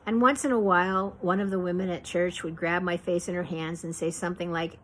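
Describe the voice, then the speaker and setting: A woman reading her own memoir aloud in a measured, reflective way. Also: fairly low pitch, fairly even intonation, a little hiss or hum, poor audio.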